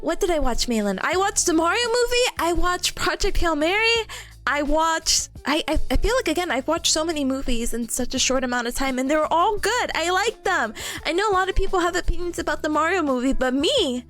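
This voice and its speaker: A bright, high-voiced woman chatting casually on her live stream, giggling often and greeting viewers with bubbly warmth. Her pitch leaps around animatedly, with faint music behind her.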